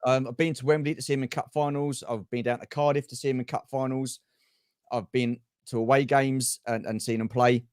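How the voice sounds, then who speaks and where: A man's voice: mid-range voice, flat delivery, brisk, a little mellow, clean tone, no echo, clean studio sound. A middle-aged man co-hosting a livestream, chatting casually about football and greeting viewers by name. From England. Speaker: livestream co-host.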